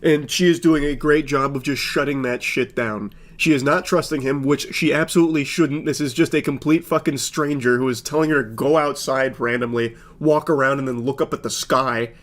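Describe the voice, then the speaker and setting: A man giving sarcastic commentary on messages he reads out, with a deadpan, mocking delivery. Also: medium pitch, normal speed, hardly any pauses.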